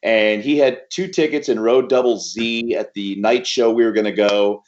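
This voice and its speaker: Animated man telling a show-biz story. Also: on the low side, moderate pace. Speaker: guest, comedian and event MC. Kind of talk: casual chat, anecdote. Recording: slightly muffled online call audio.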